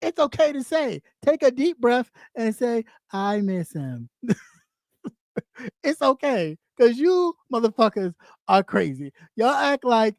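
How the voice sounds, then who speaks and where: A woman hosts a live stream in clean studio quality with no echo, her voice a little high, sing-song, darkish, and a touch slow. Ranting bluntly and profanely, she scolds her audience and repeats lines for emphasis.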